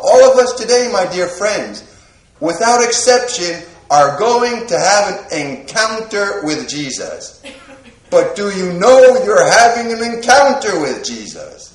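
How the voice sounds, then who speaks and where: A man's voice: high voice, fairly bright tone, echoey room, rough recording. A priest who is also a hospital chaplain, preaching earnestly with rhetorical questions and repeated addresses to his listeners. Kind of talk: sermon.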